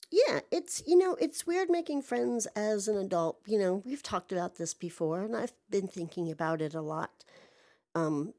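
A woman's voice: mid-range voice, warm tone. A woman hosting a podcast, talking through a rambling, candid, self-deprecating personal monologue with a jaded-sounding voice and some swearing. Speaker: podcast host.

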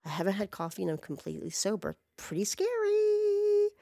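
A woman telling a rambling, excitable story at home in a casual way, swearing freely as she goes. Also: deep voice, racing, vocal fry, no room sound, studio quality. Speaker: vlogger.

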